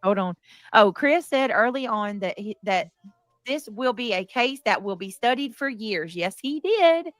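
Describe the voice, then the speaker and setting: A woman's voice: fairly high pitch, expressive, unhurried, a bit bright, no room sound, studio quality. A woman hosting a casual panel livestream, laughing often as she reads viewer comments aloud. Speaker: livestream host.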